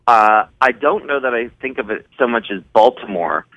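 A man's voice: medium pitch, animated, moderate pace, fairly bright tone, no echo, poor audio. A man from the Eastern Shore of Maryland, speaking, chatting as a podcast guest in a rambling way, full of "um" and "you know.". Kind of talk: casual conversational chat.

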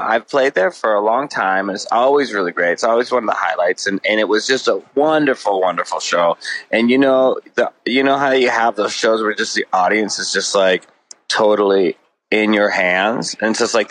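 A man's voice: fairly low pitch, moderate pace, a bit bright, low-quality recording. A middle-aged man from Wisconsin, a guest musician telling a story in a casual podcast chat, rambling with lots of "like" fillers and frequent swearing.

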